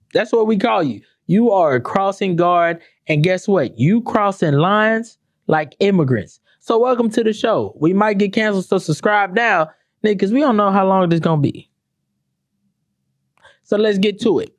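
A slightly mellow female voice, recorded dry, carries a swear-heavy podcast monologue from its host. She's blunt and sarcastic, firing off rhetorical questions and moving between loud high exclamations and low, dropped asides.

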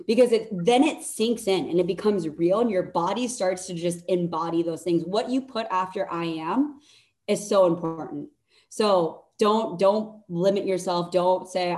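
A woman guesting on a podcast, giving blunt, energetic motivational advice and swearing for emphasis. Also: fairly low pitch, moderate pace. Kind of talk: casual motivational chat.

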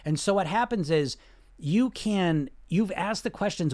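A man's voice: sits high, lively intonation, a little slow, a little mellow. A man talking as a weight loss coach in a casual way, blunt and full of rhetorical questions, often laughing. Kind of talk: casual coaching talk to viewers.

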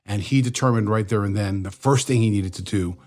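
A man's voice: fairly low pitch, fairly quick, darkish tone. A man co-hosting a true-crime show, explaining investigative procedure step by step in a conversational way.

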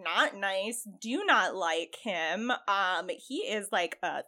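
A woman's voice: medium pitch, lively intonation, slow, pushed and bright. Rambling young woman telling a story. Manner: rambling, hesitant, many fillers and restarts. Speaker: player character. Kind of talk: in-character tabletop role-play.

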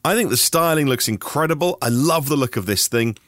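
A man's voice: mid-range voice, animated, brisk, a bit bright, no room sound, clean studio sound. A man from Norfolk hosting a daily news podcast, reading through stories in a chatty way with personal asides. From Norfolk, England. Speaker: podcast host.

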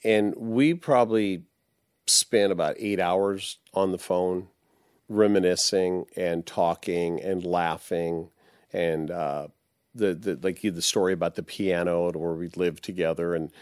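A man's voice: low voice, darkish tone, clear, resonant tone, no echo, studio quality. A man in his sixties, an interview guest, telling long stories casually with many fillers. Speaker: interview guest, rock musician.

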